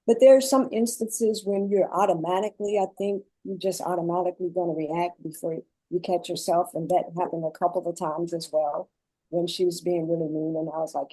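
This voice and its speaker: A woman guest on a panel, explaining her caregiving experience in earnest, measured phrases. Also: on the low side, fairly even intonation, mellow, dry recording, low-quality recording. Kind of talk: panel discussion.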